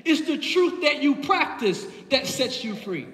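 Male pastor, very high voice, passionate repetitive preaching, roomy church echo. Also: big pitch swings, measured pace, fairly bright tone. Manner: impassioned, builds with repeated phrases. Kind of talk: sermon. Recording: echoey hall from far off.

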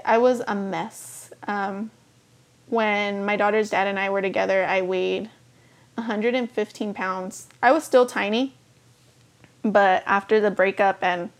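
A woman's voice: medium pitch, fairly even intonation, unhurried. A young woman sharing her own life story in a candid personal testimony, earnest and emotional, with many "like" fillers.

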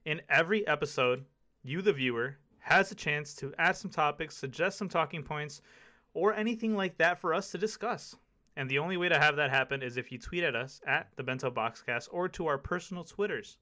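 A male podcast host with a bright, forceful voice who talks in a hyped, jokey way. He chats casually and keeps the conversation moving with his co-hosts. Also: fairly high pitch, a little fast.

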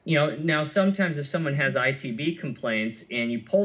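A man's voice: a little high, lively intonation, moderate pace, fairly bright tone. A man as an interview guest, explaining running injuries in a thoughtful, conversational way with many fillers and restarts, heard over a remote call. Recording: muffled lo-fi audio.

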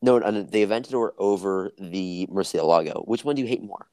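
A man's voice: deep voice, a little fast, dark tone, no room sound. A young man in casual podcast chat, teasing and quizzing his friend.

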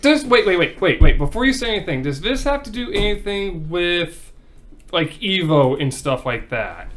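Young male co-host, higher voice with very lively swings, quick reactions. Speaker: podcast co-host. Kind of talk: casual chat.

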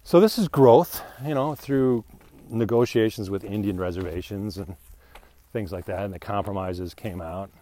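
A podcast host strolls outdoors near a new bridge, rambling casually and joking at his own expense. His voice is fairly low and dark, at a normal pace.

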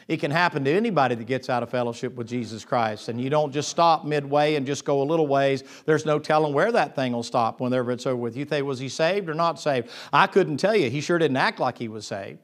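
A man preaching a sermon as pastor, swinging from low confiding tones to loud, excited bursts and restarting his sentences. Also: fairly quick, hardly any pauses.

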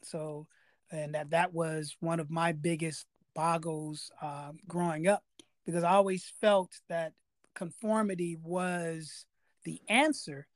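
A man's voice: fairly high pitch, fairly even intonation, slow pace, no echo. A man hosting a podcast interview, talking emphatically in a casual way and repeating key phrases for weight. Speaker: podcast host.

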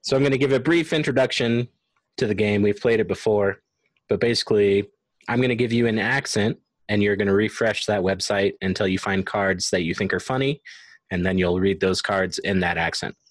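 A man's voice: on the low side, fairly even intonation, fairly quick, dry recording. A man hosting a casual podcast game, announcing rounds and laughing often. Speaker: game host.

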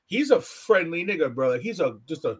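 A man with a slightly raised, husky voice chats casually as co-host. His pitch swings widely, and he is animated and profane, swearing freely as he goes. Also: brisk. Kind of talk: casual chat.

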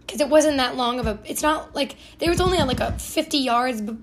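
A woman's voice: sits high, expressive, brisk, slight background noise. A young woman from Ohio hosting a podcast, telling a rambling, self-deprecating story full of "like" and self-corrections. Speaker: podcast host. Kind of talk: casual storytelling monologue.

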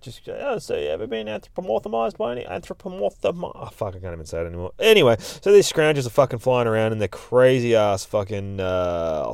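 A man's voice: fairly low pitch, a little mellow, clean tone, dry recording, studio quality. A man, hosting a show and recapping a comic in a rambling, heavily profane, casual way. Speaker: comic review host.

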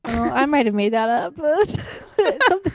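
A woman's voice: high voice, very animated, measured pace, no echo. A woman recapping a movie in casual chat, with wry asides and frequent laughter. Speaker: podcast co-host.

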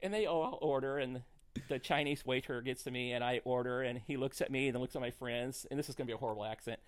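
A middle-aged man, a comedian guest on a podcast, telling a story in an animated, laughing way. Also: mid-range voice, quick pace.

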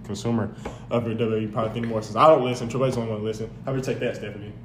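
A man co-hosting a casual comedy wrestling podcast, chiming in with deadpan agreement and mock-solemn plugs for the show. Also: on the low side, very fast. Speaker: podcast co-host. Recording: echoey room with faint noise.

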